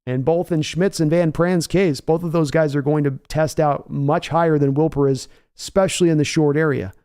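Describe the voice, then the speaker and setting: Male host, fairly high-pitched and mellow, casual stream talk, reads chat and riffs in a folksy, drawn-out way. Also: steady tone, clean tone. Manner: conversational, reads viewer comments aloud and answers them. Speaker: podcast host reading chat.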